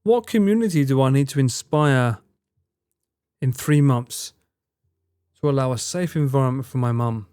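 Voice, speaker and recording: A man's voice: medium pitch, moderate pace, long pauses, darkish tone, smooth, no echo, studio quality. A young man streaming live, chatting with his viewers in a teasing, mock-outraged way and swearing freely. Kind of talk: casual live-stream chat.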